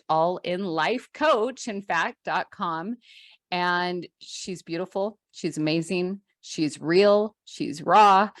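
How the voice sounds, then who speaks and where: Woman podcast host, lowish voice, dry close sound, effusive and heartfelt. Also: dry recording. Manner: effusive, gushing praise. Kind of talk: heartfelt podcast introduction and chat.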